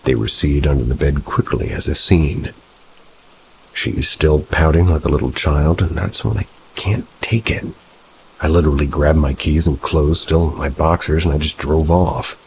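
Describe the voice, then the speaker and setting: A man narrates a spooky first-person tale in a steady, unhurried way. His voice sits extremely low, with a rough, gravelly fry. Faint rain can be heard behind him. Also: slight background noise, low-quality recording. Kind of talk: horror story narration.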